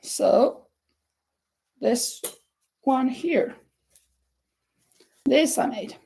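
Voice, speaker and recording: A woman's voice: very slow, gravelly, slightly rough. A woman chatting casually about her knitting and crochet projects, often restarting words as she talks. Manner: chatty, restarts words, lively rises in pitch. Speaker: crafts vlogger. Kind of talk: casual chat showing crafts.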